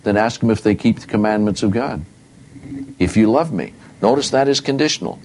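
A man teaching a Bible study, reading verses aloud and repeating key words with deliberate stress. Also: fairly low pitch, animated, darkish tone, slight background noise.

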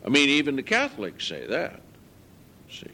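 A man's voice: wildly swooping pitch, pushed and bright, slight background noise. Earnest preacher man, emphatic sermon. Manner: earnest, emphatic, rising in pitch on key points; slow, deliberate scripture reading.

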